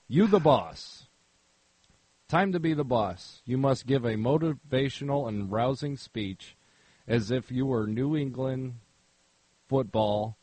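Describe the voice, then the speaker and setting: A man's voice: mid-range voice, breathy edge, dry recording, rough recording. A man co-hosting a podcast, reading out a question and joking bluntly with heavy swearing. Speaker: podcast co-host. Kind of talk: casual crude podcast banter.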